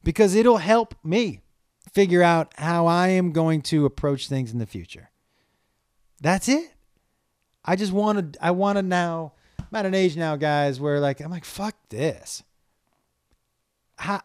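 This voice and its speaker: Candid swearing podcast host, dry close mic. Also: male voice, a little high, animated, unhurried, clean tone, no room sound. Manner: candid, rambling, swears freely, pleading tone. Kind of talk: casual solo podcast talk.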